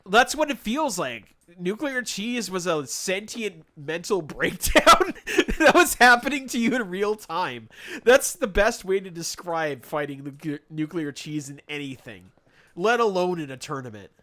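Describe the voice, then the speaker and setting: A man chatting casually on a live stream while gaming, telling animated, sarcastic stories and laughing often. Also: sits high, unhurried.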